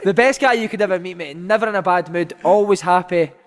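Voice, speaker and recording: A man's voice: sits high, fast. Laughing man telling football stories. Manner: laughing, anecdotal, peppered with "mate". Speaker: podcast host and former footballer. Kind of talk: casual storytelling chat.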